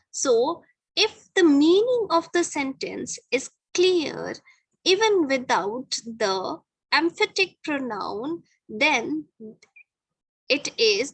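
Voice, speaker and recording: A woman's voice: sits high, fairly bright tone, slightly rough, no echo, poor audio. A middle-aged woman teaching a grammar lesson to children, patiently repeating each point and checking with "okay".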